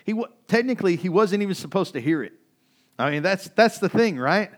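A male pastor giving a sermon in a casual, conversational way, laughing often and swinging from loud, excited bursts to quiet, low stretches. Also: fairly quick.

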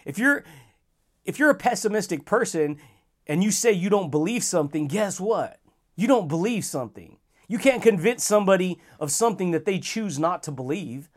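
A man's voice: high-pitched, expressive, moderate pace. A man hosting a motivational podcast monologue, talking in a casual, slangy and enthusiastic way, with frequent chuckles. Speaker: podcast host.

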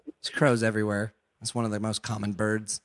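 A man hosting a radio call-in quiz, excitable and playfully teasing, cheering his caller on. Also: fairly low pitch, brisk, no echo, clean studio sound. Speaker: radio show host.

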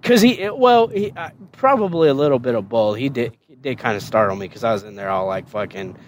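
A man's voice: expressive, fairly quick, slight background noise. A man on a podcast telling a story from his past, swearing freely, laughing often, and acting out the other people's lines. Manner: laughing, swearing, acts out quotes in a higher voice. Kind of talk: casual storytelling.

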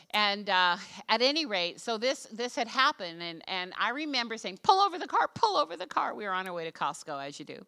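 An older woman pastor from Canada preaches to her congregation, her voice bright and clear. She tells personal stories with lively, self-deprecating humor. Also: medium pitch. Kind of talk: sermon. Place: church stage before a congregation.

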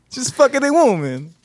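Recording remotely, a man with a very high voice co-hosts a podcast full of crude banter. Of Greek and Italian background, he swears constantly and tells jokes in a lively, profane way. The audio is dry.

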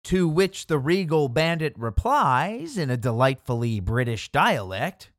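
Pedantic male narrator, slow and showy, swoops wildly in pitch, dry close sound. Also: big pitch swings, no echo. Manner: pompous, pedantic, wordy. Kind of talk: scripted comedic narration.

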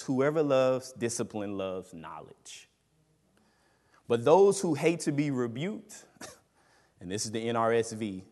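A man preaching a sermon as pastor, emphatic, swinging between loud rises and quiet drops. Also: medium pitch, long reverb tail. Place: church sanctuary.

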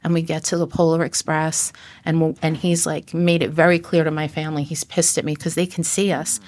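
A middle-aged woman speaks in a low voice as a podcast guest, telling her own story in earnest, halting sentences that often restart. The sound is dry and close, with no room around her. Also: little pitch movement, a little mellow, no room sound. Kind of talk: personal storytelling in conversation.

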